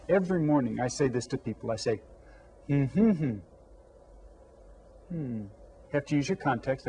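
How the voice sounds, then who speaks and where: A man teaching a children's Spanish lesson, speaking slowly and clearly and asking questions, then pausing for the kids to answer. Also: medium pitch, mellow, a little hiss or hum, rough recording. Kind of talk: scripted classroom lesson for children.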